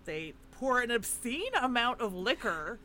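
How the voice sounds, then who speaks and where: Animated chatty woman with lively pitch. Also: measured pace, slight background noise. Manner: chatty, animated retelling with frequent fillers and laughs. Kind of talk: casual chat recapping a film.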